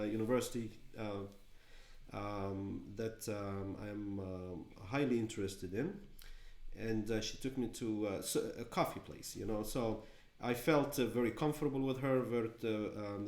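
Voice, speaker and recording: Male client, halting and filler-heavy, echoey room. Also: lowish voice. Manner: hesitant, many fillers, animated bursts. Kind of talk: casual answers in a Q&A.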